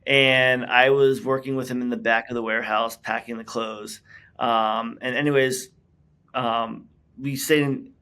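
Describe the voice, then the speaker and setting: A man's voice: mid-range voice, steady tone, measured pace, bright, forceful tone. A middle-aged man, a company founder being interviewed, telling his story in a casual way with many fillers and restarts. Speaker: business founder, guest.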